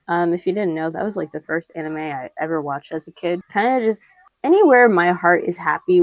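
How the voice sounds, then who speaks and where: A woman's voice: lowish voice, darkish tone, dry recording. A young woman chatting casually through a makeup tutorial at home, rambling, giggling and swearing offhandedly while talking to the camera. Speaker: makeup vlogger.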